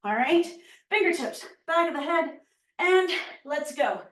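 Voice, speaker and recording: A woman's voice: very high-pitched, lively intonation, a little slow. A woman fitness instructor leading a workout class, cueing moves and counting down reps while out of breath. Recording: echoey room, voice from far off mic.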